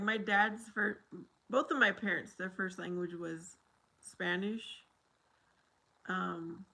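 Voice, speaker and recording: A woman's voice: medium pitch, pushed and bright, low-quality recording. An American woman hosting a casual livestream, rambling and chatty as she talks with viewers and laughs often. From United States.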